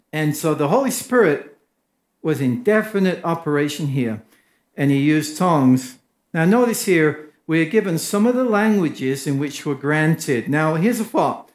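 A man with an English accent preaching a sermon as pastor, emphatic and lively when quoting others. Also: a little slow. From England. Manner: emphatic, rises in pitch for quoted crowds. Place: church. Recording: echoey church room.

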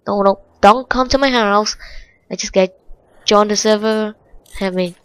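Woman, Vietnamese accent, let's-play commentary, slow pace, simple non-native English, excitable. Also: clear, resonant tone, dry recording, low-quality recording. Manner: excitable, jumps from muttering to high shrieks when scared. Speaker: gaming channel host.

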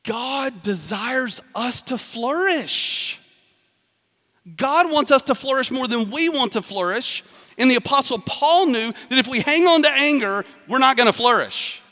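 Man, pastor, sermon, chatty and animated, bright tense voice, echoing church hall. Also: very high voice, measured pace. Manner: conversational, animated preaching with asides and quoted voices. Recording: reverberant hall.

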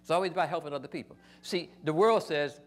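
An older man preaching a sermon, emphatic with sudden loud rises, telling stories in casual folksy phrasing. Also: a little high, quick pace. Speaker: pastor.

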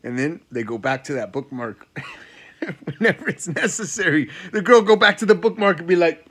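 A male comedian doing a profane stand-up rant, repeating lines and swinging from loud outbursts to low mutters. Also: expressive, normal speed, breathy edge.

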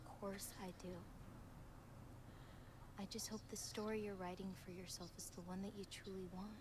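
A young woman playing a playful giantess who speaks in a soft, teasing way, heard as game audio over steady noise. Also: mid-range voice, normal speed, close to an everyday voice. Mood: gentle.

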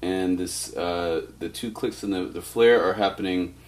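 A man teaching turntable scratching in a relaxed, step-by-step way, often saying "all right" as he works through each part. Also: low voice, measured pace. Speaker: DJ scratch instructor. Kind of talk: casual instructional demo.

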